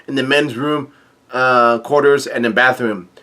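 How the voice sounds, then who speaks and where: Guy reading as a brash young pirate captain, flat read-aloud, normal mid voice. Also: medium pitch, unhurried. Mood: urgent.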